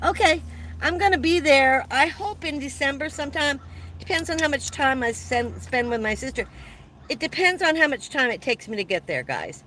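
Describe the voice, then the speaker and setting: Older lady in her 70s chatting on a van livestream, a bit high voice, faint hiss behind. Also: expressive, normal speed, poor audio. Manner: chatty, warm thanks to viewers, frequent laughs. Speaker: livestream host. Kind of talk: casual live chat reading comments.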